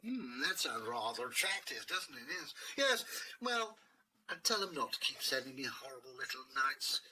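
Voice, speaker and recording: A man's voice: mid-range voice, sing-song, normal speed, background noise, lightly acted. A man voicing a posh, grumpy dragon. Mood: grumbling. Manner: plummy and fussy, then threatening. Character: pompous grumpy male dragon, posh and theatrical.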